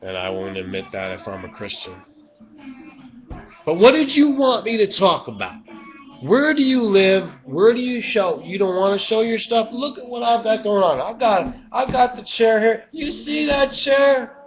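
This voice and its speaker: A man ranting in a rambling vlog monologue, swinging from low mumbles to loud, drawn-out shouting. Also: very animated, faint music behind. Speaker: vlogger. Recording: dull lo-fi webcam audio.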